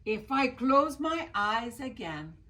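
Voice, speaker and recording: A woman voicing a sleepy, grumpy old man in a storybook tale, speaking slowly and drowsily. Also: a little high, big pitch swings, bright, forceful tone, pitched above the performer's own voice, exaggerated voice. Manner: slow, drowsy grumbling.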